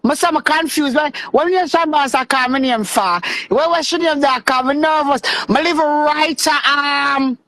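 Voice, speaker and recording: A woman's voice: sits high, normal speed, few pauses, a bit bright, no room sound. A woman with a Jamaican accent calling into a live stream, anxious and insistent, repeating herself. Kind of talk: agitated live-stream call.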